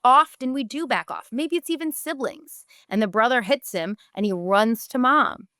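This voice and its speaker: A woman's voice: a little high, expressive, normal speed, sharp tone, dry recording, clean studio sound. A woman, a podcast host giving direct, emphatic parenting advice and briefly acting out what parents and children say.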